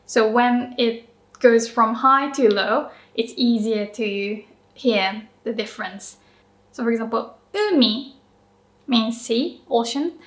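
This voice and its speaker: A Japanese woman teaching pronunciation in a chatty, upbeat video lesson, slowing down to demonstrate words. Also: a little high, a bit bright, roomy sound.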